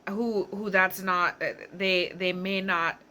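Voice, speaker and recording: A woman's voice: mid-range voice, steady tone, slow pace, bright, forceful tone, a little hiss or hum. A woman talking to camera in a casual, reflective monologue, searching for words and often checking in with "right?". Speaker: spiritual self-help vlogger.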